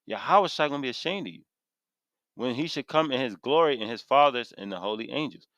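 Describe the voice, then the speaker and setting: Impassioned male preacher, AAVE, mid pitch, dry close-mic sound, reads then hammers verses. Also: expressive, a little fast, a bit bright, dry recording. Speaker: street preacher teaching scripture. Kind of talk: fiery scripture sermon to camera. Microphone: camera mic.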